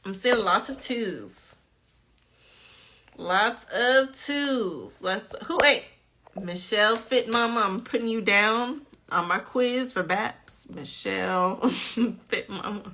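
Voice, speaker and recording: A woman's voice: mid-range voice, slow, pushed and bright. A woman tutoring nursing students in a live online quiz, chatty and playful, often laughing as she reads questions aloud. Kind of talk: casual live-stream quiz teaching.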